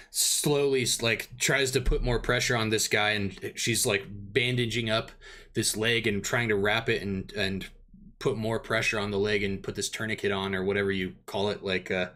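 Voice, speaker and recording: Guy dming a tabletop game, kinda low, bright voice, lots of likes and uhs. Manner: rambling, lots of fillers. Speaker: dungeon master.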